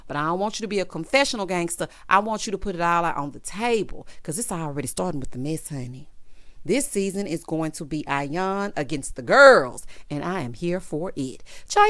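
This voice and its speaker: A woman's voice: fairly low pitch, a bit bright, no echo, studio quality. A woman recapping a reality TV episode in a sassy, dramatic way, acting out what the cast said and calling the viewer honey and child. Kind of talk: casual commentary recap.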